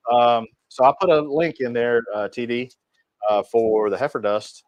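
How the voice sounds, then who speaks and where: A man's voice: medium pitch, moderate pace, darkish tone, dry recording, poor audio. A man hosting a cooking channel livestream, reading viewer comments aloud and answering them in a rambling, friendly way with frequent restarts. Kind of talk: casual livestream chat.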